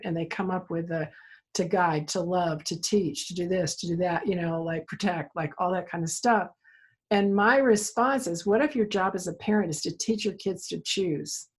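Husky-voiced woman telling a parenting story. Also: medium pitch. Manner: animated storyteller, acts out quoted dialogue. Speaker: therapist for kids, interview guest. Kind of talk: conversational interview, storytelling.

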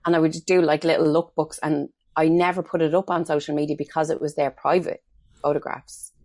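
Brief: middle-aged Irish woman guest, low and gravelly, chatty storyteller. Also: little pitch movement, brisk, a little mellow, dry recording. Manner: chatty, storytelling with acted-out quotes. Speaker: guest, makeup artist. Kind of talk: casual interview chat.

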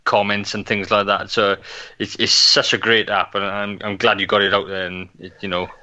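Bright-toned co-host man, lo-fi audio. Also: lowish voice, level tone, normal speed. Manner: enthusiastic, repeats words, many fillers. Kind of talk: conversational interview.

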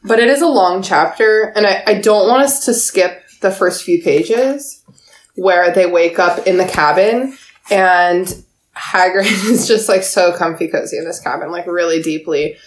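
A woman's voice: on the low side, measured pace, roomy sound. A woman co-hosting a book podcast, enthusiastic and giggly in casual chat. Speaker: podcast co-host.

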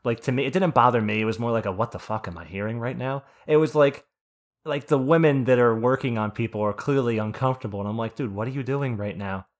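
A man's voice: mid-range voice, fast talker. A man from New Jersey telling a story in casual podcast chat, swearing freely and acting out the people he quotes. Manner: animated, profane, acts out quotes. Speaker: podcast host.

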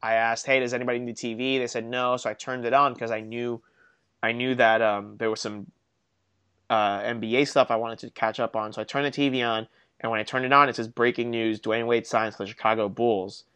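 A young man co-hosting a casual sports podcast, telling stories in an animated, self-mocking way. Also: medium pitch, a little fast, clean tone. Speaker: podcast co-host.

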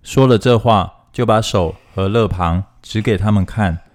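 A man reading Bible passages aloud in a steady, formal manner, phrase by phrase. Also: fairly low pitch, normal speed. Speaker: scripture reader.

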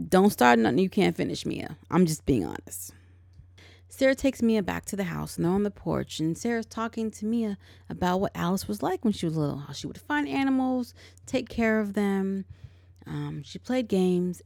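A woman's voice: medium pitch, mellow, no room sound, studio quality. A woman hosting a podcast, recapping a movie in a chatty way with sarcastic asides. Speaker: podcast host.

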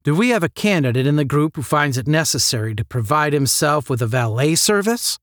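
A man's voice: fairly high pitch, expressive, brisk, fairly bright tone, dry recording, studio quality, voice pushed up. A man reading a stern senior cadet in a space-academy story, snapping clipped orders.

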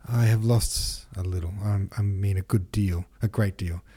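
A man's voice: low voice, fairly even intonation, normal speed, dark tone, husky. A man reading an audiobook, voicing an ashamed young nobleman who speaks with false ease. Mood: falsely casual. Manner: falsely casual.

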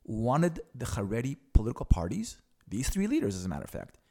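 Animated, outspoken male political commentator. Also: medium pitch, a little fast, creaky. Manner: frank and sarcastic, explains to viewers. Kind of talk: opinionated explainer commentary.

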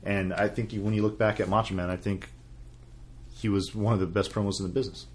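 A man with a lowish, level voice talks fast over slight background noise. He hosts a casual wrestling podcast and chats loosely, rambling with lots of fillers and restarts.

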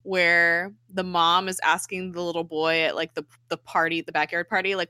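A woman's voice: lowish voice, brisk, hardly any pauses, no room sound, studio quality. A young woman casually recapping a TV episode on a podcast, acting out the characters' lines with frequent laughter. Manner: animated retelling, acting out quotes, frequent laughter and "like" fillers. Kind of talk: casual chat.

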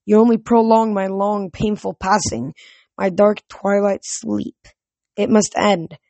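A weary ancient god of the wild speaks in slow, solemn, forlorn phrases, as a woman reads him. The voice stays gentle and unhurried, recorded close and dry. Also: mid-range voice, fairly even intonation, gravelly, dry recording.

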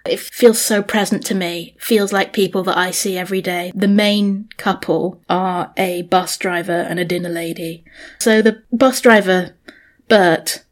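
A woman's voice: lowish voice, fairly even intonation, measured pace. Chatty British woman co-hosting a podcast. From United Kingdom. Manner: chatty, laughs often, says "like" a lot. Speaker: podcast co-host. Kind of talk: casual chat.

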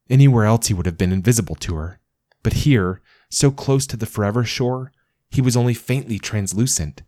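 Man narrating a storybook, deep voice, slow, measured, dry close sound. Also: mellow, no echo. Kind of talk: scripted narration.

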